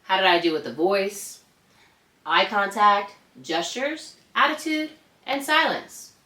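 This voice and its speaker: A woman instructor giving an upbeat lesson straight to the viewer, with a lively, chatty manner. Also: mid-range voice, takes it slowly, echoey room. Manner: upbeat, animated, addresses viewer directly. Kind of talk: instructional presentation.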